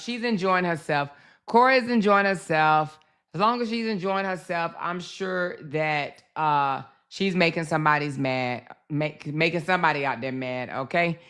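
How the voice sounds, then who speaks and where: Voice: medium pitch, moderate pace, a bit bright, clean tone. A host commenting casually on a livestream clip, chatting straight to the audience.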